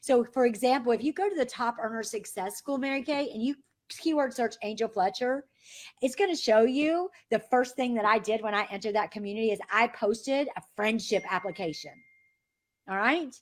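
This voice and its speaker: A woman leads a sales training over a call, talking with bounce and energy. Her voice sits slightly high. She keeps acting out the messages she quotes in quick little voices. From American South. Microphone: phone or call line.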